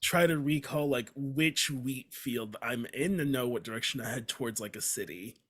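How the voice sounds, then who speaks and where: A player in a casual tabletop role-playing game describes his character's actions hesitantly, with many fillers. His mid-range voice moves at normal speed and sounds a bit bright.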